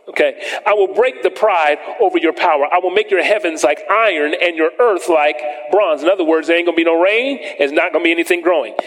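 Emphatic preacher man, higher voice, reverberant hall. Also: fairly bright tone. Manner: reads scripture slowly and emphatically, questioning the congregation. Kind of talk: sermon with scripture reading. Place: church sanctuary with congregation.

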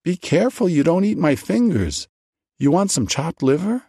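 A man voicing a brisk, dry-witted wife. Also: on the high side, big pitch swings, dark tone, husky, no room sound, pitched above the performer's own voice, heavily acted. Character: sharp-tongued wife, middle-aged woman.

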